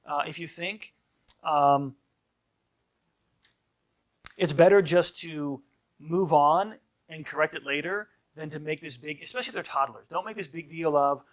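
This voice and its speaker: A priest teaching a marriage class in a conversational lecture style, often checking in with "right?" and acting out short quoted lines of kids and parents. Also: male voice, fairly high pitch. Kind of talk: informal lecture.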